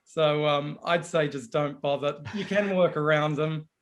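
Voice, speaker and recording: A man being interviewed on a video call, chatty and animated in telling stories. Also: a little high, a little slow, slight background noise. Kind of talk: casual conversation on a video call.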